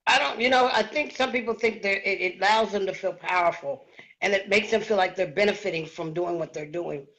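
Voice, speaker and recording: A speaker in casual chat on a phone, calm and measured. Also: medium pitch, poor audio.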